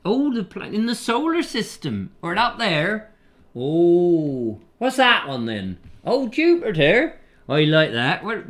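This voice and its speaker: A man's voice: fairly high pitch, a bit bright, voice pushed up. A man putting on a rustic villager with a teasing, sing-song yokel drawl. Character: rustic West Country villager chatting with a composer.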